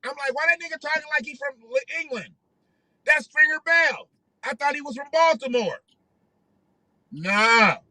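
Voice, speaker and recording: A man's voice: sits high, sharp tone, dry recording. A man hosting a live stream, giving rambling, profane commentary and often repeating himself. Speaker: livestream host.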